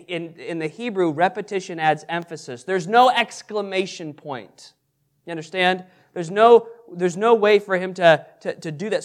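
A man teaching an interactive Bible study, asking the group questions and repeating their answers. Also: fairly high pitch. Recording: echoey room with background noise.

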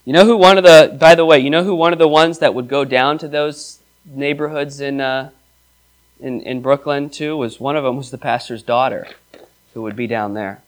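A man's voice: mid-range voice, fairly even intonation, normal speed. A male pastor preaching a sermon to his church, reading scripture aloud and putting questions to the congregation.

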